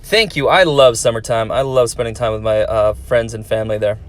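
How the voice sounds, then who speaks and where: A man's voice: medium pitch, fairly even intonation, brisk. A man who teaches, reading viewer comments aloud and answering them in a friendly, encouraging way for young fans. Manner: friendly, encouraging, talks to kids.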